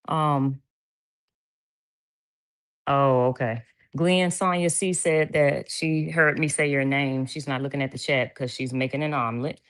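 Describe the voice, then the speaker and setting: A woman with a low voice hosts a casual livestream from her home. She chats freely and reads viewers' comments aloud, laughing easily. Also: fairly even intonation, a little slow, clean tone. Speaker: livestream host.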